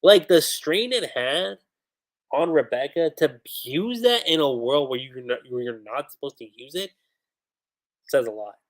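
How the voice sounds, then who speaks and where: A manga reviewer recapping chapters on a casual livestream, chatty and full of fillers. The voice is animated in pitch, and laughs keep breaking in. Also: a little slow.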